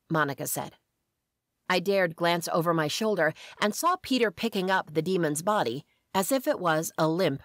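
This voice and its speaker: Slow, low-voiced woman narrating a story. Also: fairly bright tone, no room sound, studio quality. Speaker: audiobook narrator. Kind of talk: first-person scripted fiction narration.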